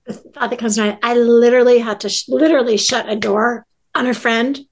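A woman guest on a podcast, telling a story briskly and matter-of-factly. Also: on the high side, steady tone, low-quality recording.

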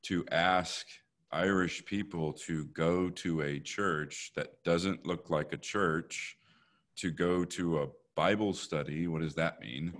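Deep-voiced young man rambling casually. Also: fairly even intonation, takes it slowly, a bit bright. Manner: rambling, laughs often, hedging with "like". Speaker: interviewer. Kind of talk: casual conversation.

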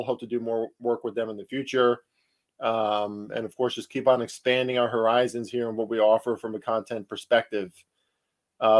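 Male podcast host with a New Jersey accent: emphatic, chatty solo sports betting talk, mid-range voice. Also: mid-range voice. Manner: emphatic, rhetorical, chatty with fillers.

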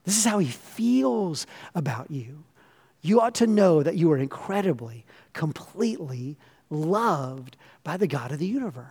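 A man's voice: on the high side, sing-song, measured pace, darkish tone, slightly rough, in a large hall. A man preaching a sermon as a pastor. He speaks earnestly and passionately, building emphasis with repeated phrases.

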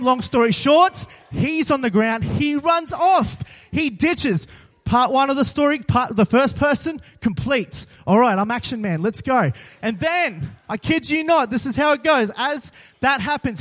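A young pastor delivering a sermon as a lively, dramatic story. His voice sits very high for a man, and he punches key moments with bursts of loud emphasis.

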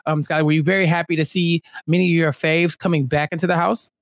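A man's voice: a little high, little pitch movement, fast talker, dry recording, studio quality. A man co-hosting a podcast, chatting casually and acting out quotes from a show in raised voices. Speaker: podcast co-host. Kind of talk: casual recap chat.

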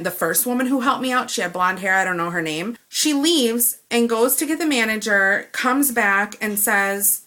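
Chatty, bright-voiced woman telling a story. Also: medium pitch. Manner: animated, acts out both sides of the exchange. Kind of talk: casual storytelling rant.

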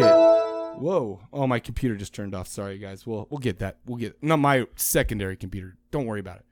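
A man co-hosting a podcast, chatting casually in a rambling, joking way with animated asides. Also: on the low side, brisk, soft background music. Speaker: podcast co-host.

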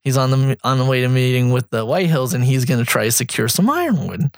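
A man's voice: medium pitch, expressive, fast talker, no echo, studio quality. A young man co-hosting a podcast, chatting casually about a story game and acting out quoted lines in shifting voices. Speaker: podcast co-host.

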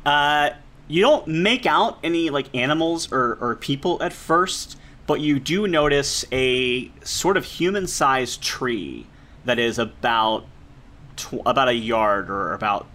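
A man's voice: medium pitch, lively intonation, slow, sharp tone. Man running a tabletop game. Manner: explanatory, laughs easily. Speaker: game master. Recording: remote recording.

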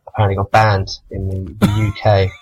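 A man's voice: sits low, monotone, fairly quick, darkish tone, breathy edge. A man from England leaving a recorded call-in message for a podcast, laid-back and hesitant with many ums and casual swearing. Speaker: caller leaving a voicemail.

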